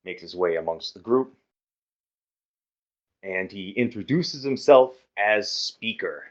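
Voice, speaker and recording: A man narrating a tabletop game as game master, describing scenes in a relaxed, halting way. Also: lowish voice. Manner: relaxed, hesitant narration with fillers. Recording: muffled lo-fi audio.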